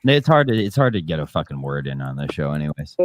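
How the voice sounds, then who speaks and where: A man in a casual group chat who laughs often and talks in an animated way. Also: very deep voice, fast talker, slight background noise.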